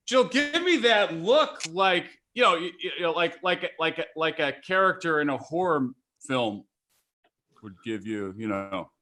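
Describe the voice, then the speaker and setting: Bright-voiced man rambling through a stand-up set. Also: on the high side, big pitch swings, measured pace. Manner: rambling, self-interrupting storyteller. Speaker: stand-up comedian. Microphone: video call.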